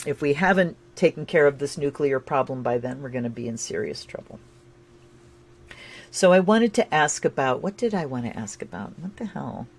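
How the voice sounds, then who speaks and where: A woman doing a casual tarot and astrology reading, chatty and rambling, with sudden bursts of excitement. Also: rumbling low, moderate pace, vocal fry, slightly rough.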